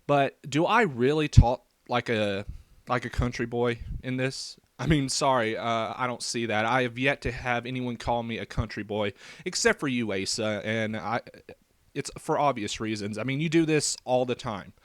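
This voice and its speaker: A man's voice: medium pitch, normal speed, dry recording. A young man with a faint rural Southern American accent, talking in a rambling response video with lots of fillers and restarts. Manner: hesitant, many fillers and restarts. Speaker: YouTube vlogger.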